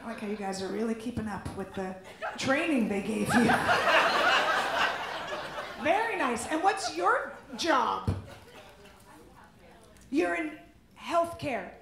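A woman's voice: fairly high pitch, very animated, slow, vocal fry, long pauses. A woman comedian doing stand-up crowd work on a club stage, brash and teasing, laughing often. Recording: echoey club with loud noise.

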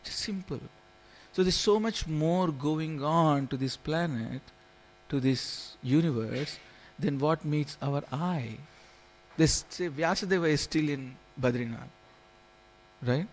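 A man's voice: fairly high pitch, takes it slowly, darkish tone. A man teaching a scripture class in a temple hall, telling stories and often asking if listeners understand. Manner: storytelling, keeps asking "you understand?", chuckles.

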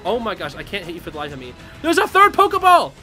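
A young man live-streaming a game, commenting casually and yelling and laughing at the action. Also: sits high, wildly swooping pitch, fast, soft background music. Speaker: streamer playing online matches.

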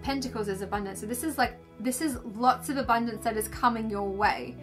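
A woman's voice: fairly high pitch, fairly quick, over music. A woman doing a casual, gushing livestream card reading, chatty and full of fillers. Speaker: tarot and angel card reader. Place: indoors under filming lights.

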